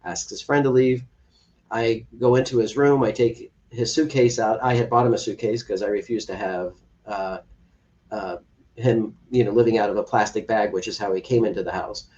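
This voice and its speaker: A man's voice: lowish voice, normal speed. A foster dad telling a personal story as a podcast guest, acting out the dialogue as he goes. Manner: animated storyteller who acts out quoted dialogue. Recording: distant, dull lo-fi sound.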